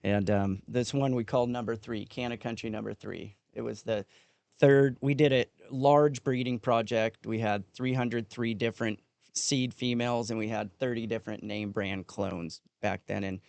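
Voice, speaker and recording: A man interviewed as a guest on a podcast, explaining his work in a reflective, unhurried way. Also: medium pitch, steady tone, creaky, darkish tone, no echo. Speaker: guest cannabis grower. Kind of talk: casual interview talk.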